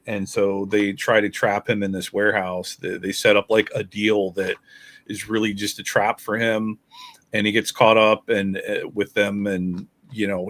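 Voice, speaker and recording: Low-voiced man explaining comic pages. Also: fairly bright tone. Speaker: comic podcast co-host. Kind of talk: casual chat.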